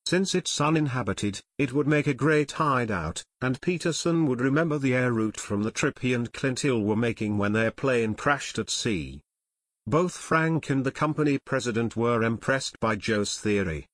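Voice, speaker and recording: Male audiobook narrator, scripted narration, lively pitch, dry close sound. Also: moderate pace, no echo.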